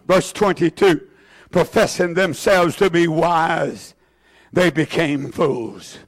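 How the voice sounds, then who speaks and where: A male preacher giving a fervent sermon in a church, repeating his phrases with many "uh" fillers and swinging between shouts and hushed tones. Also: high-pitched. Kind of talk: impassioned sermon.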